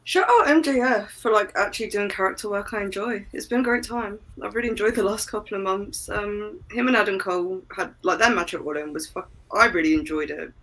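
A woman co-hosting a podcast who gives relaxed, offhand opinions. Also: medium pitch, fairly quick, hardly any pauses. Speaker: podcast co-host. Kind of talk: casual wrestling chat.

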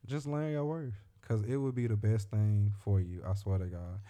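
A man's voice: on the low side, steady tone, normal speed, mellow. A young man in casual chat as a podcast host, rambling and slangy, telling stories and repeating himself.

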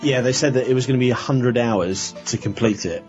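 A man's voice: mid-range voice, a little fast, a little mellow, faint music behind. A man on a podcast chatting animatedly and with some exasperation about games. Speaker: podcast guest. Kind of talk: casual game chat. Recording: slightly dull lo-fi.

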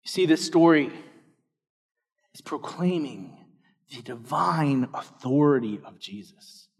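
A man preaching a sermon, swinging between loud emphatic lines and hushed, low asides. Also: long reverb tail.

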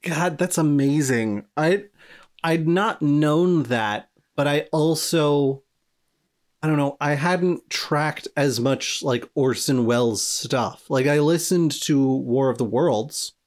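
A man's voice: fairly high pitch, slow. A man co-hosting a podcast, asking curious questions and often starting his sentences over. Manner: curious, hesitant restarts. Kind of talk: casual chat.

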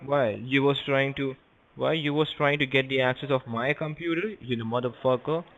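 A man's voice: medium pitch, steady tone, normal speed, fairly bright tone. A man on a phone call, angry and abusive in broken English. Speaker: scammer on a call. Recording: muffled phone-line audio.

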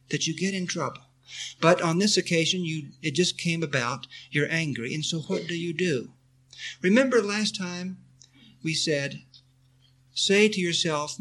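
A man's voice: high voice, a bit bright. A man giving an earnest spiritual talk, answering a question and leading his listeners in repeated affirmations. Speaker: spiritual teacher.

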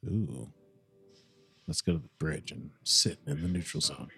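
A man's voice: a bass voice, a little slow, gravelly, sharp tone, slightly rough, faint music behind. A man co-hosting a casual movie watchalong, making wry, sarcastic asides as the film plays. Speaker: podcast co-host.

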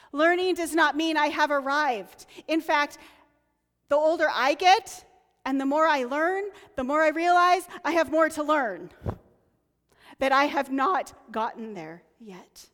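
A woman preaching a sermon, earnest and conversational, dropping to soft near-whispers on key lines. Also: high voice, animated, takes it slowly, long reverb tail.

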